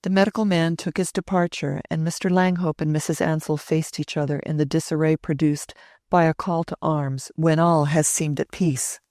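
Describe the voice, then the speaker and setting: A woman narrating a classic novel as an audiobook, in a measured, deliberate way. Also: low voice, fairly even intonation, a little mellow, no room sound, studio quality.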